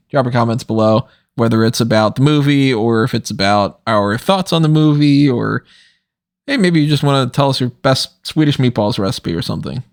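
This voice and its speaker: A man's voice: medium pitch, vocal fry. Tired guy hosting a podcast late at night, rambly, laughs a lot. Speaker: podcast host. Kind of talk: casual commentary chat.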